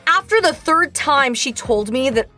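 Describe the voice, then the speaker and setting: High-pitched woman, chatty VTuber storyteller, rambling and animated, soft music behind. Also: a little slow. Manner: animated, oversharing, many fillers and stammers. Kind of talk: casual storytelling chat.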